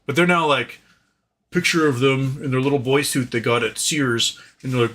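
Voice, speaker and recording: Bright-voiced man ranting on politics. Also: medium pitch, fairly even intonation, moderate pace. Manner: exasperated, sarcastic, swears, mocks opponents with put-on quotes; fillers and repeated restarts. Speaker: political livestream host.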